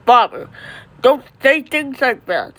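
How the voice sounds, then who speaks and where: A woman voicing a lonely, sensitive young son who speaks earnestly and haltingly to his father in a homemade drama. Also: sits high, big pitch swings, pitched above the performer's own voice, full character voice.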